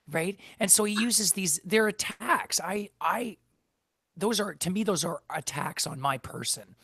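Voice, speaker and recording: A man hosts a casual online chat, talking in a gravelly, husky voice. He rambles and swears freely as he vents. The sound is dry and close. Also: sits high, measured pace, pushed and bright, dry recording. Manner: swears heavily, rambling and heated. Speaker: livestream host. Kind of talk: casual chat on a video call.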